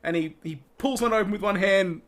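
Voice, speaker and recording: A man's voice: sits high, brisk, a bit bright, slight background noise. A man running a tabletop game as game master, narrating loosely with lots of fillers and frequent laughter.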